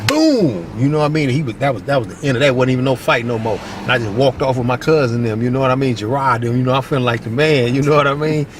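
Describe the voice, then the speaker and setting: Middle-aged dude from long beach telling stories from back in the day, animated, says "you know what I mean" a lot, faint traffic noise outside. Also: male voice, quick pace, hardly any pauses. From Long Beach, California. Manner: animated storyteller, acts out quotes in a high voice, repeats "you know what I mean". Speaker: vlogger. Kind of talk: casual storytelling. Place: outdoors by a basketball court, moving in traffic.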